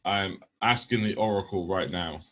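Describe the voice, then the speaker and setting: Blunt British man, bright voice. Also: low-pitched, normal speed. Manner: blunt, rambling with many ums. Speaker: podcast co-host. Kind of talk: casual podcast chat.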